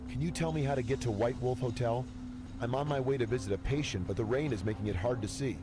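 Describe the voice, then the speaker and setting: A man's voice: medium pitch, fast talker, noisy background, lightly acted. A man voicing an earnest male doctor in a hidden object game, delivering his lines stiffly. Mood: plain. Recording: game audio over music.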